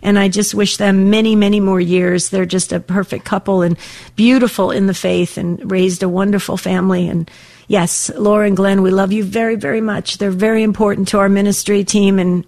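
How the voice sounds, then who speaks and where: A woman's voice: medium pitch, steady tone, a little fast. Chatty woman hosting a faith call-in show. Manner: warm, emotional, many fillers and restarts. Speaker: host of a Catholic call-in radio show. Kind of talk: call-in radio talk.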